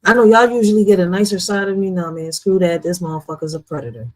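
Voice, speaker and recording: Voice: mid-range voice, quick pace, a little mellow, rough recording. A true crime commentator speaking bluntly and with profanity, addressing viewers directly in casual reaction commentary.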